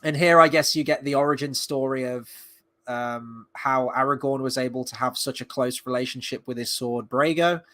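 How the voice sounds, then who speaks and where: A man's voice: mid-range voice, steady tone, moderate pace, sharp tone. A man giving a casual spoken review of a TV episode, rambling and sarcastic, with frequent fillers and restarts. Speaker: film and TV reviewer.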